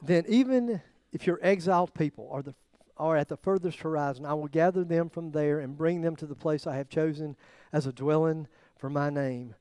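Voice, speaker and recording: A man preaching a sermon, acting out quoted prayers, shifting from loud bursts to near whispers. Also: a little high, moderate pace, smooth, no room sound. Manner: dramatic, acts out biblical quotes with swings in loudness. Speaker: pastor.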